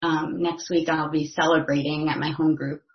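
A woman's voice: low-pitched, flat delivery, normal speed. A woman giving a personal testimony at a recovery meeting, talking casually with many fillers. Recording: echoey, slightly dull recording.

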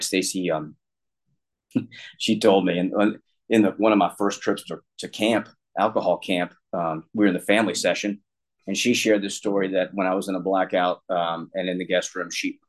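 A middle-aged man with a very low, deep voice tells a personal story candidly. He rambles and often restarts his sentences. His tone toward himself is self-deprecating. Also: poor audio. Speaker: guest sharing recovery story.

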